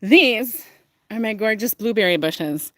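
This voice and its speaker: A woman's voice: medium pitch, expressive, measured pace, bright, forceful tone, slight background noise. A young woman livestreaming from outdoors on her farm, talking in a gushing, chatty way with fillers and laughs. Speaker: livestream host. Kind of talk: casual livestream tour.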